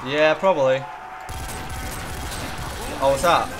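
A young man hosting casual co-op gameplay commentary, excitable and jokey, shouting at the big moments. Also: a little high, slow. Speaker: gaming channel host.

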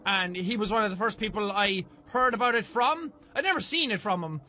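Excitable young male gamer, very high bright voice, swears a lot, talks to the game. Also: fairly quick. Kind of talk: let's play commentary.

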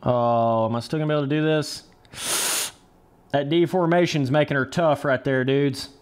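In a fairly high, clean-toned voice at normal speed, a young streamer provides live commentary on a motocross game. Profane and relaxed, he addresses chat as brother and dudes while muttering coaching to himself through the race.

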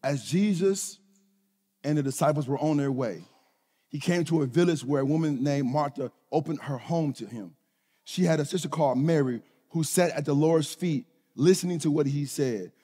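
A middle-aged male pastor, preaching a lively sermon that swings from shouts to hushed low lines. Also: moderate pace, slightly rough. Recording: hall reverb.

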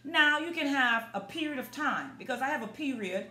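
A woman's voice: high voice, lively intonation, normal speed, few pauses, pushed and bright. A woman vlogging in an earnest, casual way, talking straight to her viewers as a motivational vlogger. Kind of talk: casual demonstration vlog. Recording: roomy echo.

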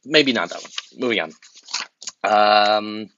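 A man's voice: fairly low pitch, very animated, slow pace, fairly bright tone, dull audio, slight background noise, heavily acted. A man playing a flustered, awkward campaign spokesman in a comedy sketch, stumbling over bad examples and muttering asides.

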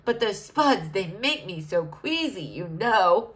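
Storybook read-aloud: woman doing a vain, scolding king, lively and theatrical. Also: mid-range voice, slow, slightly rough, heavily acted, rough recording. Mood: queasy. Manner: blustering, scolding, rhymed verse. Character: fussy vain male king, fashion-obsessed, pompous.

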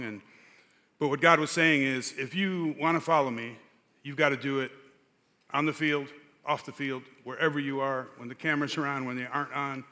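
An older man as guest speaker, telling his personal story with many pauses and fillers on a church stage. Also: medium pitch, steady tone, pushed and bright. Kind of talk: personal testimony in an interview. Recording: church hall reverb.

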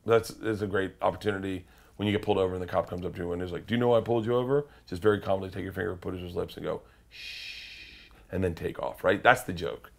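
A man, a comedian guest, telling animated profane stories and acting out the other people's voices. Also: low-pitched, very fast, creaky. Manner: lively, profane, acts out voices. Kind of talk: animated storytelling.

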